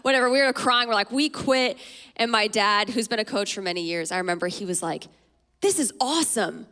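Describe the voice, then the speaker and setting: A young woman telling a lively personal story on a church stage, chatty and full of acted quotes. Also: mid-range voice, fast, clean tone, big-room sound. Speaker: guest speaker. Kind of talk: storytelling in a sermon. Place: church stage before an audience.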